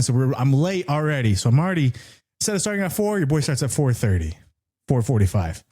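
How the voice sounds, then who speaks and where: A middle-aged man co-hosting a podcast, telling a story in an animated rant, swearing freely and jumping up high when he retells what others said. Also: fairly quick. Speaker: podcast co-host.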